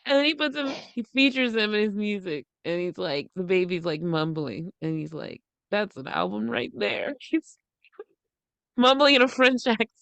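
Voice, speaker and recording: A woman's voice: medium pitch, very animated, moderate pace, a bit bright, smooth, no room sound. A woman co-hosting a podcast in casual chat, gossiping bluntly with frequent cursing and laughing through her sentences. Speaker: podcast co-host.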